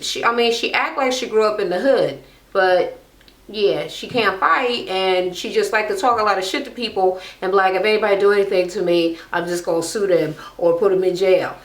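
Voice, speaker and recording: Sassy, profane woman in an echoey room. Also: mid-range voice. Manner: blunt, profane and sassy, mimicking people she quotes. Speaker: vlogger recapping a reality show. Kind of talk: casual recap chat.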